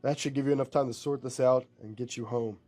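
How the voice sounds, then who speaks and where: A man voicing a gruff older bounty hunter who talks slowly and evenly. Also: medium pitch, fairly even intonation, warm tone, lightly acted.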